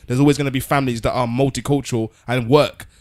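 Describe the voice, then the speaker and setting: A man's voice: mid-range voice, fairly even intonation, quick pace, a little mellow. An earnest man argues his point on a podcast. He often stumbles and restarts words as he builds his case in casual discussion. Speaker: podcast co-host.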